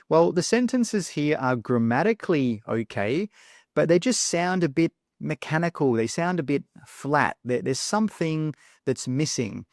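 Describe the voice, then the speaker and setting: A man teaching English pronunciation in an online lesson, speaking deliberately and repeating each example word. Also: a little high, expressive, a little mellow, no room sound, clean studio sound. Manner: slow, deliberate, repeats words for the learner.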